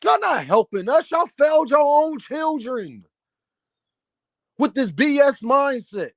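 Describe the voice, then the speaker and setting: A man's voice: extremely high pitch, fairly bright tone, no echo. Heated young man scolding his elders. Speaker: commentator. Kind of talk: opinion rant to camera.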